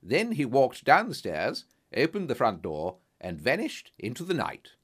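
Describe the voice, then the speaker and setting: A man reading a story aloud as narrator, in an expressive, dramatic style. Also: mid-range voice, measured pace, slightly rough.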